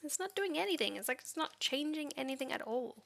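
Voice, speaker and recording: A woman vlogger narrating her coding session, talking back at the software in exasperation. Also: high-pitched, lively intonation, fast, gravelly. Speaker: tech vlogger. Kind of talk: screen-recorded coding commentary.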